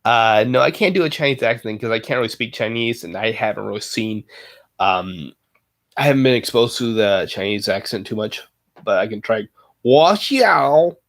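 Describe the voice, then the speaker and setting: A man livestreaming, chatting casually with viewers in a halting way, full of fillers and self-corrections. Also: lowish voice, a bit bright. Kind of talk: casual live chat.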